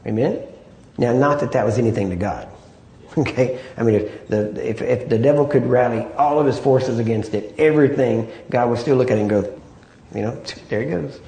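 A man's voice: mid-range voice, moderate pace, warm tone. A man preaching a sermon in an easy, conversational way, often asking "Amen?" and "right?" to draw agreement. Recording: echoey room.

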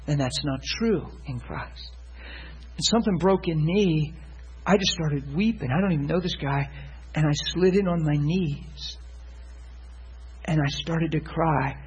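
A preacher with a high, husky voice tells a testimony story to his listeners. He acts out the people he quotes and swings from loud bursts to hushed, tender passages. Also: highs cut off. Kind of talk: sermon testimony.

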